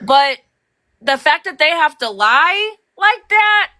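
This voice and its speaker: A woman hosting a livestream, ranting heatedly and fast, swearing and rising to shouts. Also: high voice, big pitch swings. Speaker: livestream host.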